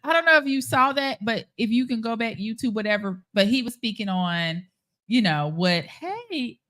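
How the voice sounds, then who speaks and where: A woman chatting casually on a live stream, telling a story in a playful, animated way. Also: on the high side, normal speed. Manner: animated, playful, acts out quoted voices. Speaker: show guest. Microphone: live stream call.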